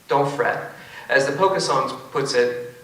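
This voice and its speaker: A man with a bright, forceful voice gives a lecture-style debate talk, wry and full of joking asides. He is picked up from a distance in a big auditorium, and his words ring with heavy echo. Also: medium pitch, measured pace. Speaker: philosophy professor. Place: large auditorium. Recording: echoey auditorium from far off.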